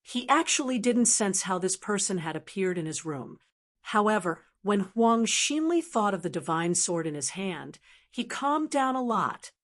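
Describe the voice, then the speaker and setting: A woman's voice: medium pitch, lively intonation, unhurried. Woman narrating an audiobook steadily. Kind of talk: scripted narration.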